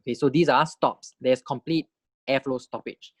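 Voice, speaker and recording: A man teaching a phonetics lesson, explaining consonant types in a patient, explanatory way, demonstrating sounds slowly and checking in with "right?" and "okay". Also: mid-range voice, steady tone, no echo. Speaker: language teacher. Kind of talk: phonetics lecture.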